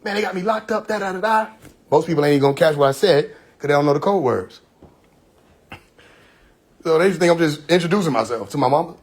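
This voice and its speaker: Husky man telling a story with laughs. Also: fairly high pitch, fast, pauses often. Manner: animated, laughing often, acts out quoted dialogue. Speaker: live stream host. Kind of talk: casual storytelling monologue. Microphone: phone livestream.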